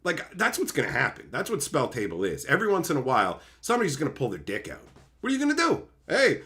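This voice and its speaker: A man from Canada hosting a livestream, ranting at viewers with heavy swearing, sarcasm and shouted outbursts. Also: mid-range voice, wildly swooping pitch, quick pace. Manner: mocking, sarcastic. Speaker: livestream host.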